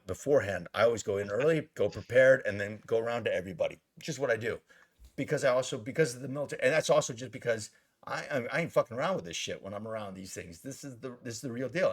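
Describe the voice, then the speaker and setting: A middle-aged man, an actor, telling stories in a casual interview, animated and swearing freely. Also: medium pitch.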